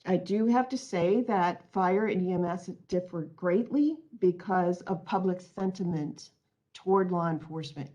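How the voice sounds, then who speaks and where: A woman's voice: fairly low pitch, mellow. Woman running a training webinar, earnest, reads answers off the chat, computer mic. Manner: reads out audience answers, then explains earnestly. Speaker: webinar presenter. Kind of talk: online training presentation.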